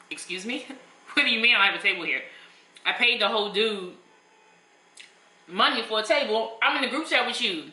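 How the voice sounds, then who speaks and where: A woman's voice: medium pitch, lively intonation, moderate pace, long pauses, sharp tone, roomy sound, low-quality recording. A young woman, telling a story casually and emphatically while eating. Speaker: vlogger.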